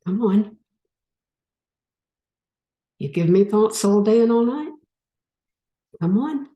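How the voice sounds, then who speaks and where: Woman, spiritual speaker, slow and mellow, coaxing, roomy echo. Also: medium pitch, animated, highs cut off. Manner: unhurried, gently coaxing, talks to the audience. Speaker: speaker leading a group exercise. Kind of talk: spiritual talk with guided exercise.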